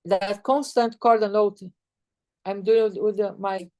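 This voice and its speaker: A woman's voice: mid-range voice, steady tone, darkish tone. A woman teaching a rhythm lesson who chants counts and syllables patiently, and who is losing her voice. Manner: slow, patient, repetitive counting aloud. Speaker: music teacher.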